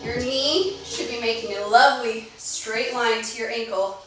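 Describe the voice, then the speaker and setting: A woman leading a live-streamed yoga class, out of breath, giving brisk cues and counting down the holds. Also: on the high side, fairly bright tone. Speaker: fitness instructor. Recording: echoey room, far from the mic, music behind. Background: workout music.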